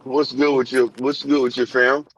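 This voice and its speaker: A man's voice: mid-range voice, little pitch movement, normal speed, a bit bright. Easygoing man on a muffled call. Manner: easygoing, casual greetings. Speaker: panelist joining late. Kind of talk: casual livestream panel talk.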